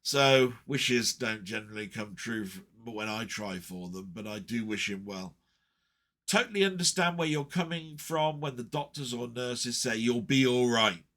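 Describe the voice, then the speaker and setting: A man's voice: medium pitch, expressive, moderate pace, a bit bright. A middle-aged man talking casually and rambling to camera about his week, heartfelt, with many fillers and restarts. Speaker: vlogger.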